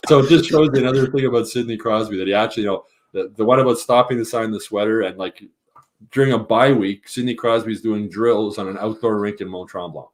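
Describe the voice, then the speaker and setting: A man's voice: fairly low pitch, quick pace. A man with a Canadian accent, a hockey columnist guest, telling anecdotes in casual chat and acting out the quotes. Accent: Canadian English. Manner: animated anecdote teller, acts out quotes.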